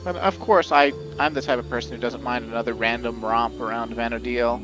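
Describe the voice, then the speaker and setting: A man with a mid-range voice and fairly even intonation talks briskly over his gameplay as a let's play host. He rambles casually, filling his speech with fillers and the odd swear word. Game music plays in the background.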